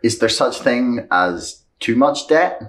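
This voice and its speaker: A man interviewing a guest, asking questions in a relaxed, casual way. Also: mid-range voice, slow pace.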